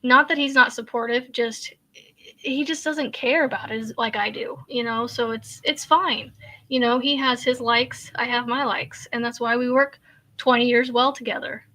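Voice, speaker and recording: A woman chats casually while crocheting, rambling and hesitant, trailing off into fillers and sighs. Her voice sits a little high and comes across bright and forward. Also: steady tone, normal speed. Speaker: crochet channel host.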